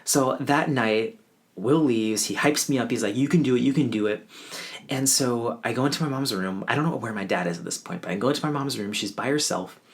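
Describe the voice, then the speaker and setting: A twenty-something male vlogger speaks briskly in a mid-range voice with vocal fry. His personal story comes across as casual, wry and offhand, with occasional self-mockery.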